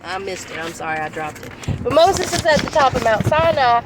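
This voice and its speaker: A woman evangelist retells scripture in a loose, chatty way, backtracking and adding asides as she goes. Her voice sits fairly high, and she is recorded outdoors, some way from the mic, with faint noise behind her. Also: big pitch swings, brisk, recorded from a distance. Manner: conversational, with restarts and asides. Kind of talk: casual retelling of a Bible story.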